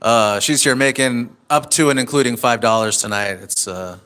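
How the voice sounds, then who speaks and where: Bright, fast-talking stand-up comic. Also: male voice, mid-range voice, smooth. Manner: rapid, wry crowd work. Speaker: stand-up comedian. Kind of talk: stand-up set.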